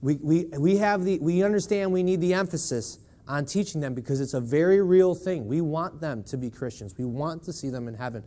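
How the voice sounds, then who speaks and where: Man preaching in church, pitched high, emphatic and questioning the congregation. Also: fairly quick, few pauses, dark tone. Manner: emphatic, with rhetorical "right?" questions. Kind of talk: sermon.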